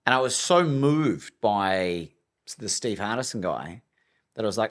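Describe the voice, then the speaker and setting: A man with an Australian accent, a coach telling a story on a podcast in an animated way and acting out the dialogue. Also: lowish voice, unhurried. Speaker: guest, coach and speaker.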